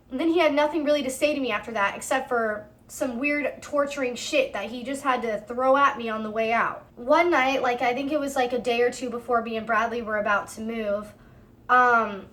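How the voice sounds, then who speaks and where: A woman's voice: a little high, fairly bright tone. A woman in her twenties tells a story in a vlog. She swears a lot and acts out her own side of the arguments with heat. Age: 20s. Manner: heated, profane storytelling. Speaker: storytime vlogger. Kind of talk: casual storytime narration.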